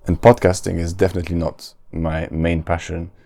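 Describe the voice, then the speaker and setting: A man's voice: sits low, flat delivery, a little fast, vocal fry, dark tone, dry recording. A man, hosting a casual solo podcast, often stopping to search for words and restarting his sentences. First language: French. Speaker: podcast host.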